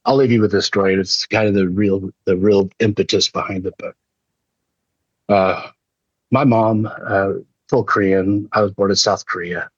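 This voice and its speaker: A middle-aged man with a husky, low voice speaks with earnest, preacher-like conviction, telling stories in an inspirational talk. The recording is dull and lo-fi with a dry, close sound. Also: steady tone, moderate pace, no room sound. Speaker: leadership speaker. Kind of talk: inspirational keynote storytelling.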